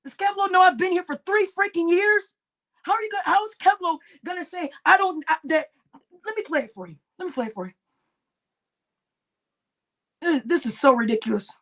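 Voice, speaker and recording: A woman hosting a livestream, ranting angrily, swearing heavily and breaking into shouts. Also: very high-pitched, expressive, brisk, long pauses. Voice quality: heavy cursing, shouting bursts. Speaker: livestream host. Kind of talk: angry livestream rant.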